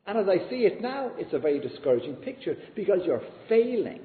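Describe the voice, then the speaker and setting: Lively male preacher in an echoey hall. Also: sits high, quick pace, hardly any pauses. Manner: earnest, teaching, lively rise and fall. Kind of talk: expository sermon. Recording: echoey hall, tinny lo-fi sound.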